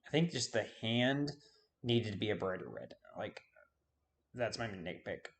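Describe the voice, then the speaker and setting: A man's voice: lowish voice, expressive, unhurried, slight background noise. A man giving casual video game commentary, rambling and forgetting names with self-deprecating asides. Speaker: YouTube host.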